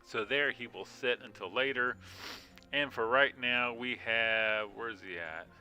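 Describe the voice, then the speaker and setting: Bright-voiced rambling male game streamer. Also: mid-range voice, a little slow, soft background music. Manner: rambling, frequent yawning and filler words. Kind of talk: casual live-stream chat. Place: home room.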